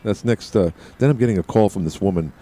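A man's voice: lowish voice, quick pace, dark tone. A middle-aged man hosting a call-in radio show, rambling along and often stammering and repeating his words. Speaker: radio talk show host.

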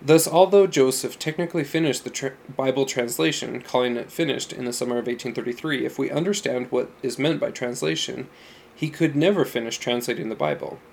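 A man reads a religious study book aloud in a calm, teaching tone. His voice has a gravelly, fry-tinged texture at a middle pitch, and he stresses single words to make a point. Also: a little hiss or hum. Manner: measured, explanatory reading with stressed words. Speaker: audiobook narrator.

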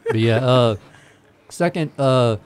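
Male podcast host, mid-pitched, crude and jokey, laughs a lot. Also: slow pace. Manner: profane, laughs often, loud bursts when joking. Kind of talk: casual podcast banter.

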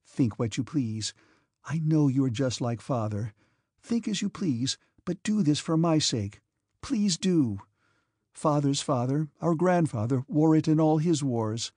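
A man voicing a gentle, devout, timid young princess in an audiobook, earnest and pleading. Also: on the high side, expressive, unhurried, no room sound, clean studio sound. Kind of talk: audiobook character reading.

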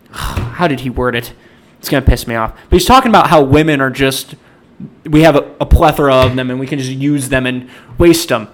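A man ranting in exasperation during a casual movie review chat, swinging into loud outbursts. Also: a little high, normal speed.

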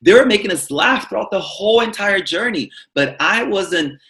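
Animated man telling stories as a guest. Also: high voice, normal speed. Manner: animated and expressive, with frequent stutter-like restarts. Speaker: spiritual teacher and author, guest. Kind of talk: storytelling in a podcast interview.

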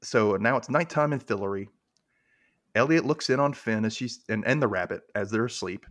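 A man's voice: fairly low pitch, normal speed, fairly bright tone. A man co-hosting a podcast, casually recapping a TV episode and acting out the characters' lines in put-on voices. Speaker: podcast co-host.

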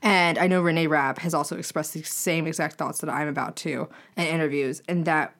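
This podcast co-host is a young Southern woman in easygoing conversation, frequently laughing and backing up to restart what she's saying. Her deep voice is brisk, steady and a bit bright.

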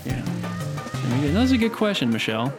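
A man's voice: a little high, big pitch swings, music in the background. A man in his thirties co-hosting a casual chat show, often stopping and restarting his sentences. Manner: rambling, halting restarts. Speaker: podcast co-host.

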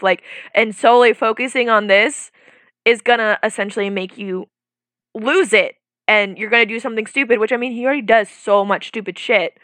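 A woman's voice: fairly high pitch, fairly quick, a bit bright, no room sound. A young woman in casual chat who lays out her points at length, with plenty of "like" fillers. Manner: talkative, reasoned, lots of "like" fillers.

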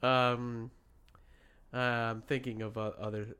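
A man co-hosting a casual podcast, starting slowly and repeating words before he gets going. His voice is bright and forceful at a middle pitch. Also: flat delivery, clean tone. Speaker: podcast co-host. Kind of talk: casual chat.

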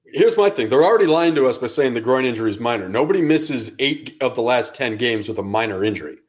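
A man co-hosting a sports podcast, ranting with heat and plenty of swearing. He grew up in Connecticut and talks in a loose, casual chat style, with a voice pitched in the middle range for a man. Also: animated, fast talker. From Connecticut, USA. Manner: profane, ranting, heated. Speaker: podcast co-host.

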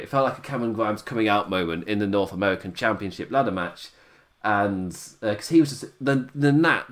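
A young adult man hosting a podcast, chatting casually through a review, rambling and chuckling often between thoughts. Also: mid-range voice. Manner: rambling, laughs often, restarts sentences. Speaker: podcast host reviewing a show.

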